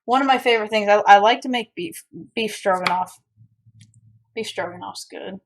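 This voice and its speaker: A woman's voice: medium pitch, normal speed. A young woman streaming herself as she cooks, chatting casually with her chat and rambling with frequent restarts. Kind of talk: casual chat while cooking and reading chat. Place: home kitchen.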